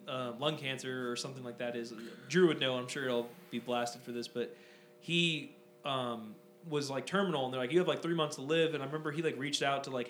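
Fast-talking young man in an echoey room. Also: medium pitch, a bit bright. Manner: rambling, swears freely, many fillers. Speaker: podcast co-host. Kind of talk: casual chat. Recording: echoey room with faint ambient noise.

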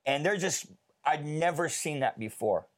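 Animated storytelling man, faith talk. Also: a little high, unhurried. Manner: storytelling, animated, conversational with frequent fillers. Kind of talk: casual faith discussion.

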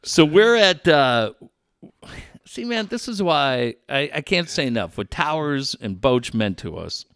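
Middle-aged guy spinning profane radio stories, bright lively voice, dry close sound. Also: fairly high pitch, measured pace, clear, resonant tone, no echo. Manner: animated, profane, laughing storyteller. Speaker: radio host telling stories. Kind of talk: casual storytelling chat.

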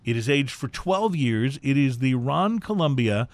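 A man hosting a radio show in a studio, chatting casually through a tasting with many fillers and pauses. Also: medium pitch. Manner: animated, halting with many fillers. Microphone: studio microphone.

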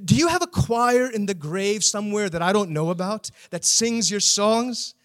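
A man voicing a desperate, anguished psalmist who pleads with and accuses God, his voice rising to near shouts. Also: sits high, animated, normal speed, pitched above the performer's own voice.

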